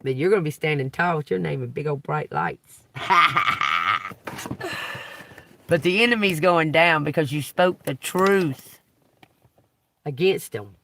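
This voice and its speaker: With a fairly high, sharp-toned, creaky voice, this man speaks slowly and expressively, leaving long pauses, over a little hiss or hum. As a tarot reader on a livestream, he reads scripture, riffs on it casually, keeps asking "okay?", and preaches emphatically with swearing and laughter.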